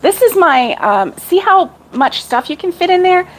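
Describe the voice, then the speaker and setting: A woman's voice: very high-pitched, sing-song, normal speed, slight background noise, low-quality recording. A middle-aged woman chatting casually with live viewers about crochet, rambling and laughing often. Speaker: crochet vlogger.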